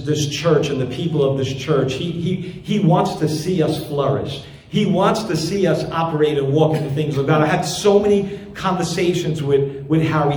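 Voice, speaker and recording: A man's voice: fairly high pitch, mellow, reverberant. A man preaching a sermon as pastor, fervent and repeating his phrases for emphasis.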